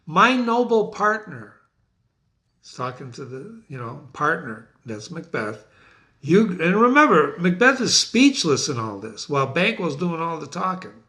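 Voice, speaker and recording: A man's voice: a little high, very animated, moderate pace, hardly any pauses, bright, forceful tone. A man teaching a play, who keeps turning to the listener with questions and rephrases quotes in plain words. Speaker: literature teacher. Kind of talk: lecture on a play.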